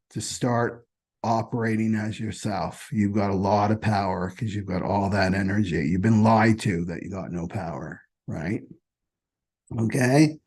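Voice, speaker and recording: A man's voice: fairly low pitch, darkish tone. A man hosting an astrology channel, giving a loose, repetitive spiritual talk in a casual way and often checking in with "right?". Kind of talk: casual spiritual teaching monologue.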